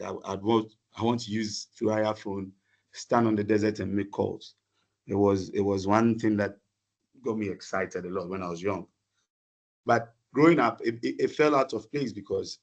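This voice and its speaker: A man giving a webinar talk over a video call, often repeating words and pausing with fillers. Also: on the low side. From Ghana. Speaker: webinar speaker. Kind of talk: presentation talk.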